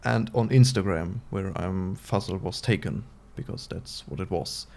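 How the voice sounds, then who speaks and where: A man's voice: deep voice, a little slow, vocal fry, a little mellow. A man with a German accent co-hosting a podcast in casual chat, dry and teasing. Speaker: podcast co-host.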